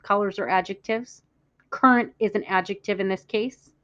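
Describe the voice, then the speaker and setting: A woman teacher giving a classroom vocabulary lesson, speaking clearly and deliberately, stressing words for the class to echo. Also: mid-range voice, fairly even intonation, fairly bright tone. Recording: muffled lo-fi audio.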